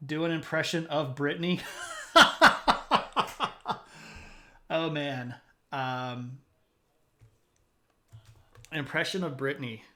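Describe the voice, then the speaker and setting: A man's voice: steady tone, a little slow, long pauses, fairly bright tone. A man hosting a history live stream, chatting casually with many fillers and laughs. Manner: high sing-song voice talking to his puppy. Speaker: livestream history show host. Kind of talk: casual livestream chat.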